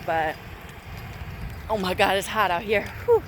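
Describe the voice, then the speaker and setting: A woman's voice: medium pitch, unhurried, a little hiss or hum. A woman vlogging while she walks outside, venting in an upset, emphatic way and repeating herself. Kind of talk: venting monologue to camera. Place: outdoors, walking in the heat.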